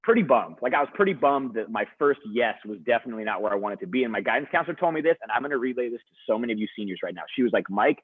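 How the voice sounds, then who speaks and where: A young man telling an energetic, chatty story to students as a motivational speaker, heard over a video call. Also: mid-range voice, very fast, few pauses, dry recording. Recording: dry, husky, phone-like video call audio.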